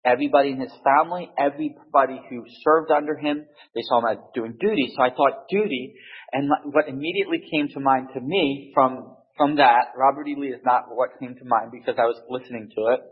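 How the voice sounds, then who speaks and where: Man, casual storyteller in a group discussion; husky voice, full of restarts and fillers. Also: mid-range voice, phone-quality sound. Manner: halting, many restarts and fillers.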